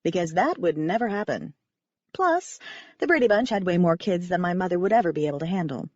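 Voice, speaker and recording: A woman reading a first-person audiobook in a wry, expressive narration. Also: lowish voice, brisk, dry recording, highs cut off.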